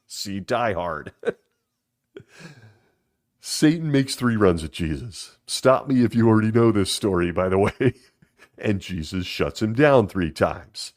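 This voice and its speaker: Sarcastic man with a lowish voice. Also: a little mellow. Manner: wry, sarcastic, chuckling. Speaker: commentary channel host. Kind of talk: sarcastic commentary.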